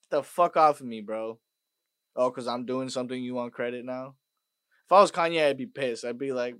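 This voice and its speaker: A man hosting a podcast, ranting casually and profanely, dropping to mutters and then bursting out loud. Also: medium pitch, normal speed, clean tone, no echo, studio quality. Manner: profane, swings between mutters and loud outbursts. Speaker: podcast host. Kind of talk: casual rant monologue.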